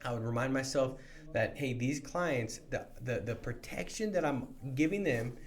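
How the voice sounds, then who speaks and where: A man giving a motivational sales training talk to new insurance agents, energetic and conversational, often restarting his sentences. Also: mid-range voice, moderate pace.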